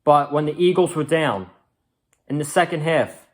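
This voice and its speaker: A man hosting a casual sports reaction recap, excitable and rambling, with lots of fillers. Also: fairly high pitch, moderate pace. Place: home, on a couch.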